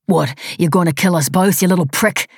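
A woman's voice: a little fast, slightly rough, no echo, studio quality. A woman voicing an injured, furious young man who swears and hurls threats in a thriller audiobook. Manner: shouting threats, pitch pushed up.

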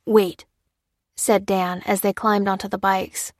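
A woman reads a storybook chapter in steady, measured narration. Her voice sits in the middle of the female range, and the recording is dry and close. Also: mid-range voice, dry recording. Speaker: audiobook narrator. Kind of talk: scripted narration.

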